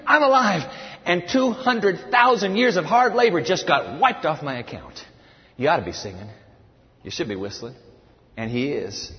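A man preaching a sermon from scripture, emphatic and animated, telling his listeners to write things down. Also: on the high side, normal speed. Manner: animated and emphatic, tells listeners to take notes. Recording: reverberant hall, dull lo-fi sound.

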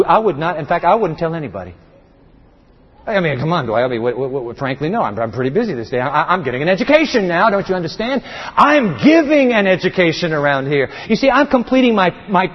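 Middle-aged pastor guy preaching, fired up, keeps repeating himself, a bit high voice, echoey hall, dull sound. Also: husky. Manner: impassioned preaching, with frequent word repeats and restarts. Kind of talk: sermon.

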